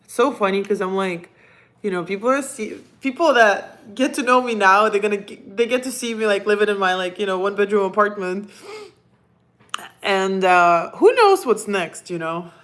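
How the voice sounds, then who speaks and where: A woman's voice: mid-range voice, lively intonation, moderate pace, fairly bright tone. A woman whose first language is Russian, chatting casually on a live stream as she reads viewer comments aloud and talks to her cat. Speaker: livestream host reading viewer comments.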